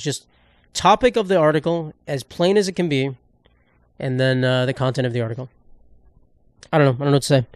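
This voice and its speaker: A man's voice: a little high, no room sound, clean studio sound. Rambling, profane male podcast host. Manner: rambling, profane, sarcastic, self-interrupting. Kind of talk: solo podcast rant.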